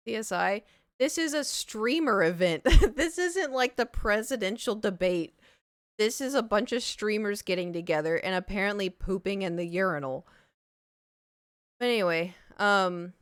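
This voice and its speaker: A young woman streamer telling a story to her live chat in a rambling, chatty way, full of "like" and quick laughs. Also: medium pitch, a bit bright, dry recording, studio quality. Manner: chatty, rambling, heavy use of "like", laughs easily.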